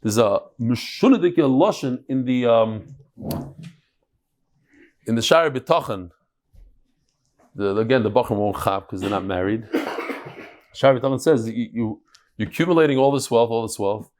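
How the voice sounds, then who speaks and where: A man teaching a Talmud class in a lively, chatty lecturing style, mixing in Hebrew and Yiddish terms. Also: medium pitch, moderate pace, long pauses.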